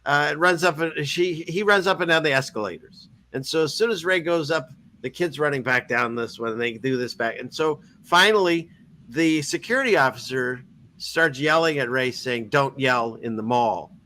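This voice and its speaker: A man's voice: a little high, moderate pace, pushed and bright. A man hosting a casual online talk show, rambling through a story with frequent restarts and easy laughter. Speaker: podcast host. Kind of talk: casual chat.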